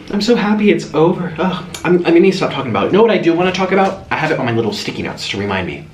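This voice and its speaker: A young man chatting casually while eating, in a food vlog, excitable and chatty between slurps. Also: fairly high pitch, fast. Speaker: food vlogger. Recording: echoey room with faint hiss.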